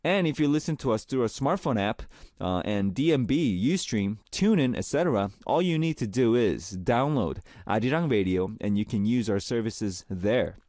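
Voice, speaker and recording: A man's voice: mid-range voice, expressive, normal speed, a little mellow, dry recording. A young man hosting a radio music show, moving from a reflective scripted opening into friendly announcements at a studio microphone.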